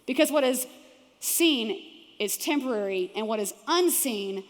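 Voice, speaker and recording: A Texan woman preaches from the stage of a big church auditorium, her high voice carried by a long hall reverb. She is animated and slips into the voices of the people in her story. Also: unhurried. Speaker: pastor. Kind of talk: sermon.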